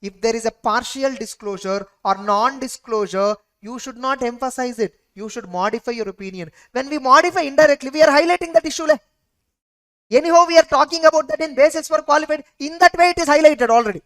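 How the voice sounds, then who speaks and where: A woman lecturer with an Indian English accent, her voice sitting a little high. She teaches an exam revision class emphatically, repeating points and checking understanding with quick questions. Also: a bit bright. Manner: emphatic, drills students with repeated rhetorical questions. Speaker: audit lecturer.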